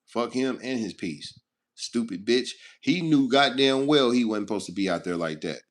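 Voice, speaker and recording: A man who drives trucks for a living, talking casually to his viewers with blunt, heavily profane storytelling. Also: medium pitch. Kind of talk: casual straight-to-camera talk.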